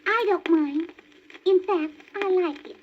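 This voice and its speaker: A woman voicing a shy, gentle young male skunk in a storybook record, soft and bashful. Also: extremely high pitch, slow, voice pushed up. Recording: dull crackly old vinyl record.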